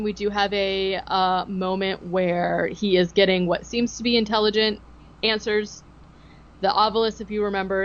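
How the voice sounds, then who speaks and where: A woman's voice: medium pitch, muffled recording. A woman hosting a podcast, recapping a ghost-hunting show in a sarcastic, mocking way. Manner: sarcastic, mocking voices of the show's hosts. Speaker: podcast host.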